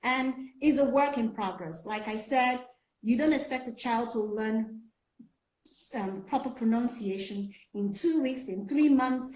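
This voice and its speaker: A Nigerian woman with a fairly high, darkish voice speaks a little slowly while coaching speech and pronunciation during a casual call. She explains with many fillers, and the call audio is echoey and lo-fi.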